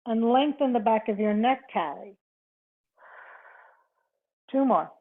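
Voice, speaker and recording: A woman's voice: on the high side, expressive, a little slow. A woman yoga instructor cueing a live online class, counting reps, giving short cues and chatting with students. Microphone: video call. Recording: tinny video-call audio.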